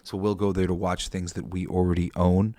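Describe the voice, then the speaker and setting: A man's voice: low-pitched, level tone, a little fast, dark tone, dry recording, clean studio sound. A man hosting a podcast in casual, rambling talk, swearing freely and thinking aloud with lots of fillers. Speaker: podcast host.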